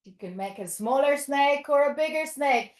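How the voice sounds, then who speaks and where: A woman's voice: high voice, expressive, normal speed. A woman leading a toddler yoga class in a sing-song, encouraging way, with playful animal sounds. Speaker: children's yoga teacher. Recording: echoey room.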